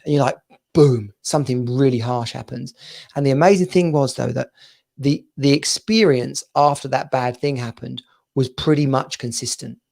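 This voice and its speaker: A man's voice: medium pitch, moderate pace, creaky, darkish tone. A man co-hosting a podcast in casual chat, rambling and repeating words, with frequent laughs, over a video call. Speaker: podcast co-host.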